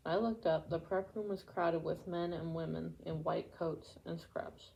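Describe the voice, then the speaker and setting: A woman reading a memoir aloud chapter by chapter, steady, with occasional stumbles and restarts. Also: lowish voice, measured pace, gravelly, lo-fi sound, a little hiss or hum. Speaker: audiobook reader. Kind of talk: amateur book reading aloud.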